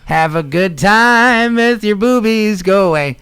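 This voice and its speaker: A man co-hosting a small local radio show, chatting and joking excitedly, laughing often. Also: sits high, measured pace, clear, resonant tone. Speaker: radio co-host. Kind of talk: casual radio banter.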